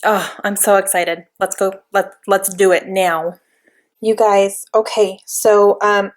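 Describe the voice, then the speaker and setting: Woman book vlogger totally losing it with excitement, casual gushy chat from her couch. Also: medium pitch. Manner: gushing, breathless excitement. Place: home couch.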